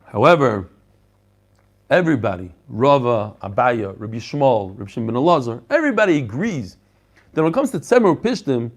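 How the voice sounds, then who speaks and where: A man, a rabbi, teaching a lively Talmud class, explaining the text and talking directly to his listeners, with Hebrew and Yiddish terms mixed into his English. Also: mid-range voice, fairly quick.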